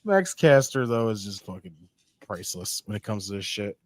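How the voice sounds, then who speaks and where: A man co-hosting a casual wrestling podcast, excitable and profane, repeating himself for emphasis. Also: on the low side, normal speed, dry recording. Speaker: podcast co-host.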